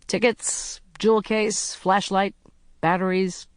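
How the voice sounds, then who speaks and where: A narrator voicing a cheerful, brisk young male agent in an audiobook. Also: medium pitch, little pitch movement, smooth, no echo, clean studio sound, pitched above the performer's own voice, lightly acted. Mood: breezy. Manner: brisk, blithe, chatty. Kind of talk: audiobook character voice.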